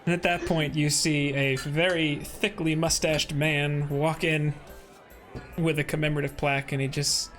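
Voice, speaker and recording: Male GM, casual rambling narration, slightly high. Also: flat delivery, moderate pace, fairly bright tone, faint music behind. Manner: rambling, filler-heavy narration. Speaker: game master. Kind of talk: narrating a tabletop game.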